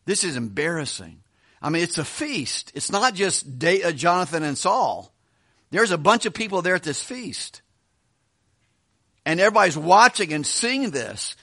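High, bright-voiced preacher man. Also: very animated, moderate pace, slightly rough. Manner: conversational, rhetorical questions, frequent restarts. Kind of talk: verse-by-verse Bible teaching.

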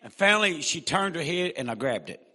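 Raspy folksy evangelist preaching. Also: male voice, on the high side, a little fast. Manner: folksy, animated storyteller. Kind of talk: preaching a humorous story. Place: church. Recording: echoey church hall.

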